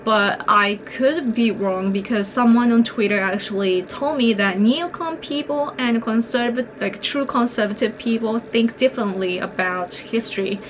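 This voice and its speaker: A woman from Japan talking casually to her viewers, keeping a quiet monotone voice and filling her talk with "like" and "you know". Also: on the high side, normal speed, few pauses, a little hiss or hum. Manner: monotone and soft-spoken, quiet so as not to disturb family; earnest, frequent fillers and small laughs. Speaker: political vlogger.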